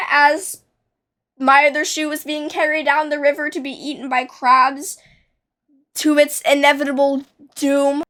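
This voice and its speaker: High-pitched chatty young woman. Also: fairly bright tone. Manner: chatty, rambling, with many restarts and fillers. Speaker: storyteller. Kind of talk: casual storytime narration.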